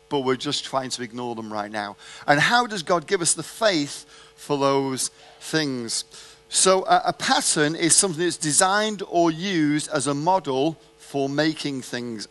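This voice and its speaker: A man's voice: on the high side, a bit bright. A man preaching a sermon, telling a personal story and asking the audience rhetorical questions in a conversational way.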